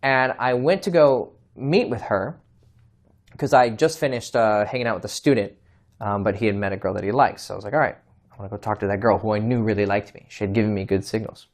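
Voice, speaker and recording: A man's voice: fairly low pitch, brisk. A young man giving casual dating advice, acting out both sides of conversations. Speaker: dating coach. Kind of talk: casual instructional talk.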